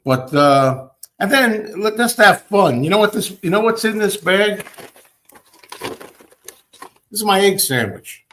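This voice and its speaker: A man hosting a show, ranting and telling everyday stories in a casual, animated way. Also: high-pitched, a little slow, pauses often. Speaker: host. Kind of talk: casual chat.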